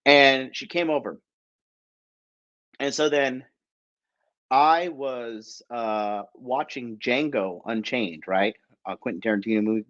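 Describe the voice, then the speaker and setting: A man's voice: mid-range voice, a bit bright, dull audio. A man from the United States hosts a podcast, telling a rambling story in a blunt, profane way and tagging his sentences with "right?". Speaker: podcast host. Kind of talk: casual storytelling.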